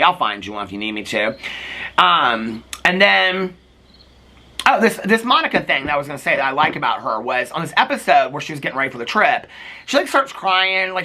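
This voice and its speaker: A man's voice: a little high, bright, forceful tone. A man chatting casually as a host, gossipy and full of fillers. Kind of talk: casual TV recap chat.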